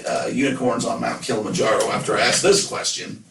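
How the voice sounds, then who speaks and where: A man's voice: medium pitch, brisk, vocal fry, fairly bright tone, roomy sound, far from the mic, slight background noise, poor audio. A man hosting a casual podcast, rambling and joking about himself in a loose, self-deprecating way. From United States. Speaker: podcast host. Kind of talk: casual chat.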